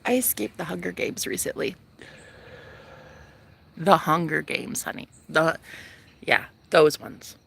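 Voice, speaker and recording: A young woman talking to camera in a casual vlog, sassy, profane and dramatic, swinging between loud outbursts and hushed asides. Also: deep voice, expressive, takes it slowly, creaky, long pauses, slightly rough. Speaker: vlogger.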